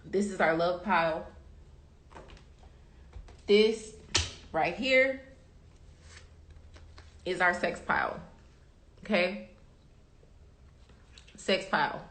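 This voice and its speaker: A woman's voice: on the low side, fairly bright tone. A young adult woman hosting a tarot reading livestream, chatting casually and emphatically to her viewers, calling them baby and y'all. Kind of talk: casual motivational chat to live viewers. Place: room at home. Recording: roomy echo.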